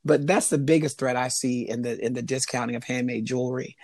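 A man with a mid-range voice is interviewed about his craft. He talks in a halting, considered way, often stopping to think before going on. The recording is dry and close. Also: medium pitch, fairly even intonation, creaky, darkish tone, no room sound. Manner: thoughtful, halting with frequent ums. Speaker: interview guest, jewelry maker. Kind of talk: conversational interview.

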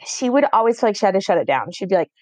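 A woman's voice: mid-range voice, big pitch swings, very fast, a little mellow, dry recording. A woman in her thirties co-hosting a podcast, rambling in a casual chat with many fillers and restarts. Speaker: podcast co-host.

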